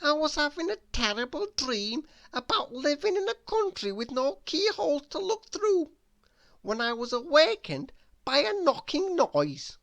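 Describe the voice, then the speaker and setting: A woman reading a children's bedtime story aloud in the first person, with expressive storytelling. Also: high-pitched, unhurried, gravelly, no room sound.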